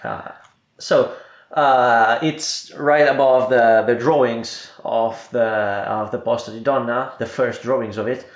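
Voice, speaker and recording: Italian-accented male guest, mid pitch, hesitant and filler-heavy, roomy lo-fi sound. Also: fairly even intonation, measured pace. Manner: hesitant, with frequent fillers and soft laughs. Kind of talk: conversational interview.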